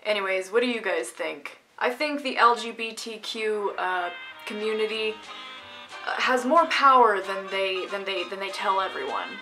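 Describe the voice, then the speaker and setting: A woman's voice: medium pitch, moderate pace, pushed and bright, soft background music. A woman vlogger telling a story from her own life in a casual, sarcastic, ranting manner.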